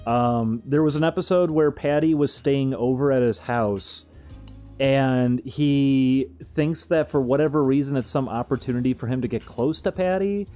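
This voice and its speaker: A man's voice: mid-range voice, normal speed, darkish tone, soft background music. A young man streaming, rambling through casual commentary with frequent amused laughs.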